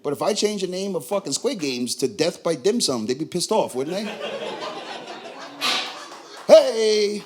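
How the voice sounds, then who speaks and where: A brash young stand-up comic with a Tulare, California accent works the crowd. His voice sits a little high and swings widely in pitch. He talks in a profane, animated way. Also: fairly quick, few pauses. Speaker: stand-up comedian. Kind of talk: stand-up comedy set. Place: comedy club.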